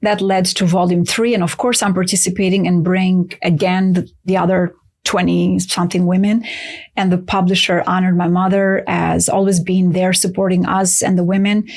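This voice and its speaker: A woman guest telling her story in an interview, lively and chatty, acting out quoted voices with jumps in pitch. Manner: says "LOL" aloud, quick and chatty. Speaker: guest author.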